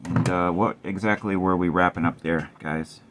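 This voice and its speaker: Deep-voiced wry repair tech. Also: male voice, steady tone, normal speed, background noise. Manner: rambling, wry, swears casually. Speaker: amplifier repair host. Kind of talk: casual workshop tutorial.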